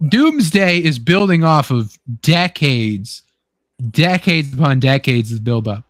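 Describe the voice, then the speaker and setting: A man's voice: on the high side, sing-song, measured pace, no room sound, clean studio sound. A man hosting a casual chat who reads from a film script, rambling with many fillers and restarts. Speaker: host.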